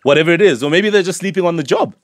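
A man hosting a morning radio show, with a loud, upbeat presenter delivery. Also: fairly high pitch, expressive, rapid-fire, dry recording, studio quality. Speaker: radio host.

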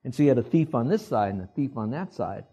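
Husky older man preaching a sermon. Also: mid-range voice, fast talker. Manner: animated, acts out quoted voices, asks the congregation to repeat. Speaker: pastor.

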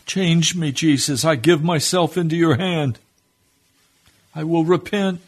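A man's voice: on the high side, a little slow. A man preaching on a radio broadcast, leading a fervent, pleading prayer that swells and drops. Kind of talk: sermon prayer.

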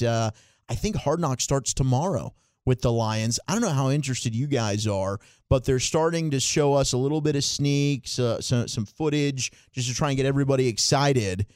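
A man's voice: mid-range voice, a little mellow, dry recording. A man hosting a sports radio segment in a casual, rambling way with a studio mic. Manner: laid-back, rambling, laughs often.

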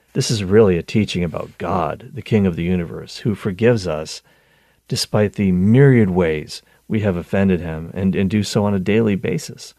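A man hosting a show, giving a conversational teaching talk on scripture, animated and full of restarts. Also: fairly low pitch, dry recording, clean studio sound. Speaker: Catholic teacher and show host.

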